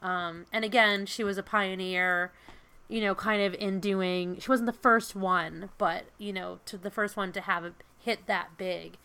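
A woman in her fifties co-hosts a casual podcast and chats in an animated, storytelling way. Her voice is bright and clear. She leans on fillers as she goes. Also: medium pitch, a little slow. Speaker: podcast co-host. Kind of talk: casual chat.

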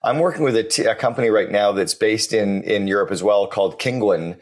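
A man's voice: fairly low pitch, brisk. A man hosting a business podcast, speaking with emphatic enthusiasm and repeating key words for stress. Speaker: podcast host. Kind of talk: business interview.

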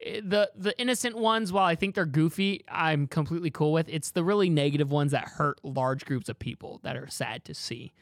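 Animated man hosting a chat show. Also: a little high, fairly quick, few pauses, no echo, clean studio sound. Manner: rambling, animated, lots of fillers and restarts. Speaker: podcast host. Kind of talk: casual chat.

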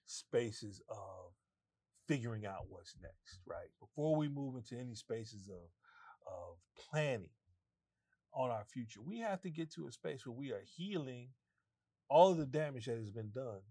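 A man's voice: mid-range voice, dark tone, no echo, studio quality. A man co-hosting, speaking in an earnest, thoughtful way about healing. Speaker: co-host. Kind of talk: reflective talk.

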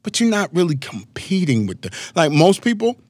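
A man in his forties from Maryland giving a casual motivational talk, animated and full of storytelling asides. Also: high-pitched, moderate pace, no room sound. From Maryland, USA. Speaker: motivational speaker.

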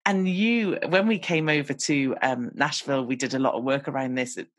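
Husky woman, candid chat. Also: rumbling low, normal speed, no echo. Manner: candid, self-deprecating and chatty. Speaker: podcast guest. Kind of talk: casual conversation.

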